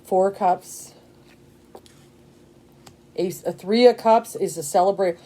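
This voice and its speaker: Reading tarot casually for the camera, this woman gets excitable and emotional, wandering off with plenty of fillers and frequent "okay?" checks. She speaks slowly in a mid-range voice and leaves long pauses.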